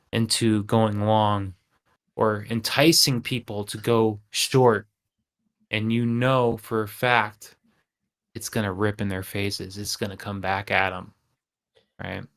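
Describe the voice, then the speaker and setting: A man's voice: fairly low pitch, fairly bright tone. A man hosting a casual trading livestream, talking animatedly and asking rhetorical questions with frequent "right?". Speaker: trading channel host.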